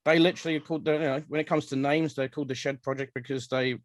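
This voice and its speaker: A man's voice: mid-range voice, steady tone, rapid-fire, no echo. A chatty man hosts an interview over a video call, joking at his own expense and bantering with his guests. The sound is dry and close. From London, England. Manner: chatty, self-deprecating, playful banter. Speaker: radio show host.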